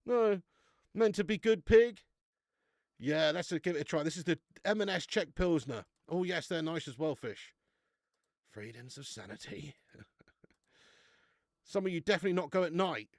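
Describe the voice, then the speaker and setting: A man's voice: a little high, expressive, normal speed, pauses often, no echo, studio quality. A man hosting a live beer-review stream, chatting casually, laughing often and calling his viewers mate.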